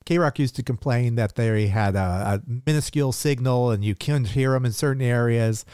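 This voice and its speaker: A man's voice: mid-range voice, moderate pace, a little mellow, clear, resonant tone, dry recording. Dry-sounding male podcast host. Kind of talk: casual podcast chat.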